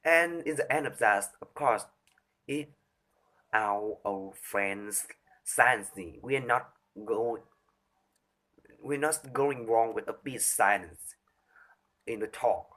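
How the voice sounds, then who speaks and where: A man reciting a speech from memory, halting and restarting often as he stumbles over words. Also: medium pitch, pushed and bright. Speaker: speaker rehearsing a talk on voice.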